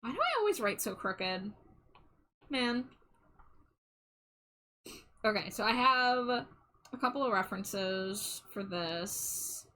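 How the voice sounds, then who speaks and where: A woman on a live stream talks casually as she draws, her voice bright and a touch sharp. She chats and rambles, trailing off mid-sentence and poking fun at herself. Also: medium pitch, very animated, takes it slowly, pauses often, low-quality recording. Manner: chatty, self-deprecating, trailing off. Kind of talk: casual live-stream chat while drawing.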